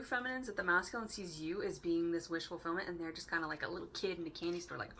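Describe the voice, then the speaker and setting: Woman, tarot reader vlog. Bright, forward tone; loose, giggly, free-associating delivery. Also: on the low side, quick pace, a little hiss or hum. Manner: chatty, giggly and playful. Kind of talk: casual tarot reading.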